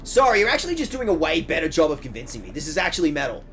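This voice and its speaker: A man with a fairly high, creaky voice talks at a racing clip while streaming a game. He jokes, riffs and swears freely in casual chat, with lively bits, and music plays in the background.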